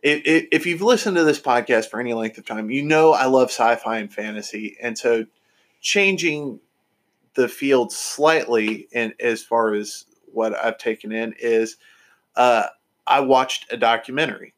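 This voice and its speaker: A man's voice: mid-range voice, moderate pace. A man hosting a podcast, chatting casually and enthusiastically with lots of fillers and restarts. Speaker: podcast host.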